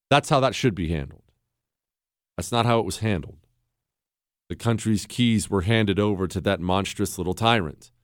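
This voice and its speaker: A man's voice: medium pitch, smooth, no echo, clean studio sound. A man hosting a talk show, delivering a blunt, combative opinion monologue with sarcastic asides.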